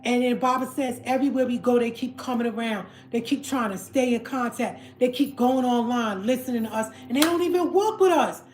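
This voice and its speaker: A woman hosts a livestream and rants heatedly to her viewers, repeating herself and calling them family. Her voice sits a little high. It rings in a roomy space with faint music behind. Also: fairly quick, hardly any pauses, darkish tone. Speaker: livestream host. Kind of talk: emotional livestream rant.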